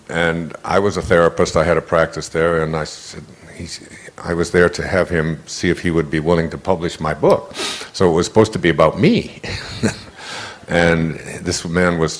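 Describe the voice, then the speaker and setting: A man giving a motivational talk in a conversational, animated way. He tells personal stories, acts out the voices he quotes, and often restarts his sentences. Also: low voice. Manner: frequent restarts and stammered repeats. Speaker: inspirational speaker.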